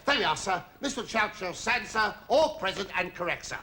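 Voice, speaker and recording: A man's voice: high-pitched, expressive, moderate pace, bright, forceful tone. An actor playing a cheeky army batman full of innuendo, chatty and fawning toward his colonel. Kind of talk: British sitcom acting. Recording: noisy recording with hiss.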